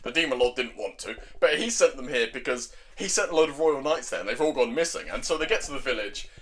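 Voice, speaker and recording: A man's voice: medium pitch, expressive, fast. A man casually recapping a story in an enthusiastic, rambling way, with lots of filler words. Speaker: manga recap video host.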